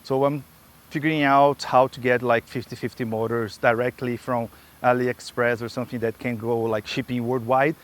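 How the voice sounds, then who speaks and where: At normal speed and with a flat delivery, a medium-pitched man vlogs while skating in an outdoor park. The skate builder is winded and wanders off topic, chatting away and interrupting himself with asides. He speaks into a camera held in his hand or strapped to him.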